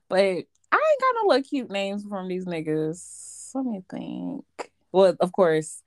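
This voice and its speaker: A woman's voice: medium pitch, very animated, normal speed, few pauses, dry recording. A woman co-hosting a podcast, talking bluntly and teasingly in casual chat. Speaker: podcast co-host.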